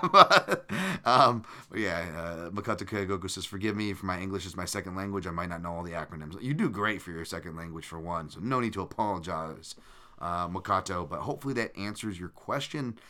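A man's voice: deep voice, quick pace, a bit bright. A man hosting a live-streamed podcast, chatting loosely and reading out viewer comments, with plenty of fillers and restarts. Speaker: podcast host.

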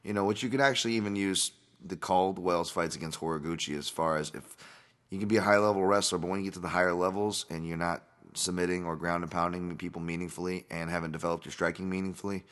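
Low-voiced man rambling through a podcast. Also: steady tone, fast, a bit bright. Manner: rambling, casual, swears freely. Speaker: podcast host. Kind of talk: solo podcast commentary on fight results.

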